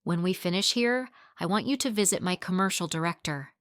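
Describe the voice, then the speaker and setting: A woman voicing a composed, kind and confident businesswoman who speaks with gentle assertiveness in a storybook reading. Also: fairly low pitch, fairly quick, no echo, clean studio sound, close to an everyday voice. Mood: reminiscing.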